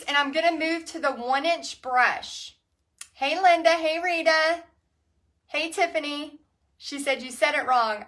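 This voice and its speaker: A Texan woman with a high, bright voice runs a live-streamed painting lesson. She chats and giggles as she works and calls out to viewers by name. Her voice stays light and sunny throughout. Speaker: paint party instructor.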